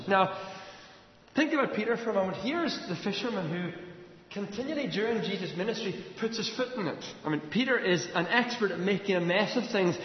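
A man preaching a storytelling sermon, retelling scenes vividly with shifting pace and dramatic pauses, in a large church. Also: high voice. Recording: echoey hall, dull lo-fi sound.

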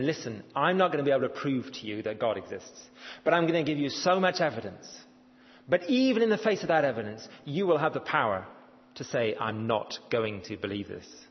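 Animated male preacher in a reverberant hall. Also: mid-range voice. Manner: animated storytelling, acting out quoted voices. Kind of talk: sermon. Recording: dull lo-fi sound in a reverberant hall.

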